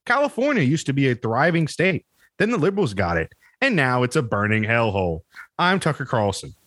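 A smug cable news pundit rants in mock outrage, as a man puts him on for a joke. The voice is bright and pushed, with a lively pitch, and it sounds close and dry. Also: a little fast, no echo. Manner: mock-solemn, ranting delivery. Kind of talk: comedic impression.

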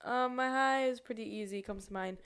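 A woman in her twenties, co-hosting a podcast, telling stories in casual chat with an excitable, animated manner. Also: a little high, fairly quick, clear, resonant tone. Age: 20s. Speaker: podcast co-host.

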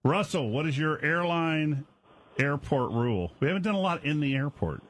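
A man's voice: fairly high pitch, animated, moderate pace, noisy background. A middle-aged man hosting a radio show, bantering and telling stories with his co-hosts. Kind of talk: casual morning radio banter.

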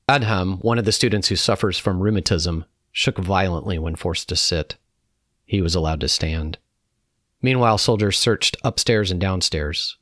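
A man reading a personal reflection aloud in a calm, measured way. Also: low voice, no echo, clean studio sound. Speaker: narrator.

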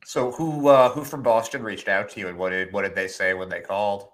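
A man's voice: on the low side, fairly even intonation, fairly quick, a bit bright, low-quality recording. A man hosting a podcast and asking a guest a short question. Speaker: podcast host.

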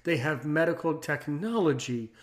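A man's voice: on the high side, lively intonation, normal speed. A man chatting as a guest on a podcast, often stopping and restarting his sentences. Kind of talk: casual conversation.

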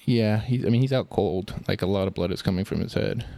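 Very low-voiced rambling man. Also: fairly quick, gravelly, warm tone. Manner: rambling, filler-heavy. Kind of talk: improvised comedy chat.

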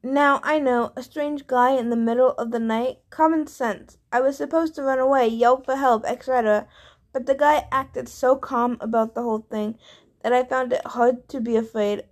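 A woman reads a novel aloud in the first person. Her voice is high, and her reading is plain, with small stumbles now and then. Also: steady tone, moderate pace. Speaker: reader. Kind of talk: audiobook narration of a novel.

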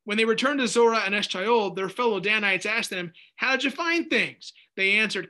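Animated man teaching a Bible passage. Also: high-pitched, moderate pace, hardly any pauses. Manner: animated, jokey asides while reading scripture. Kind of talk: casual Bible study teaching.

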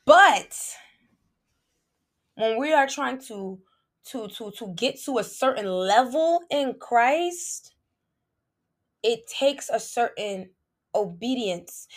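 Lively woman preaching casually to camera. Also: on the high side. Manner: lively, preachy, playful asides with laughs. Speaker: faith vlogger. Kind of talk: casual faith talk to camera.

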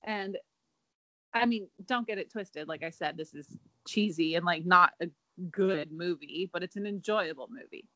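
A woman's voice: on the low side, normal speed, sharp tone, no echo, lo-fi sound. A young woman co-hosting a casual chat podcast, chatty and playful, filling her talk with "like". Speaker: podcast co-host.

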